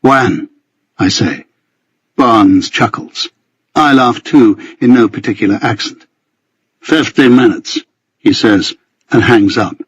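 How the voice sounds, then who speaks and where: A man with a husky voice narrating a first-person novel in a measured storytelling manner. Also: medium pitch, dry recording, highs cut off. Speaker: audiobook narrator.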